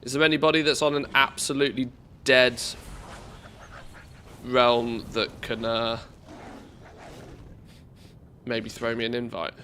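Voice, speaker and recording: A man's voice: mid-range voice, little pitch movement, measured pace, pauses often, bright, forceful tone, slight background noise. A man with a head cold and a congested voice, chatting casually on a live game stream, rambling with many ums and restarts.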